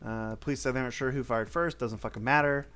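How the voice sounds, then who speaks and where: A man's voice: mid-range voice, fairly even intonation, fast, a bit bright, clean tone. Blunt man reading news stories. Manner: blunt, offhand asides with profanity. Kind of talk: casual news read-through with commentary.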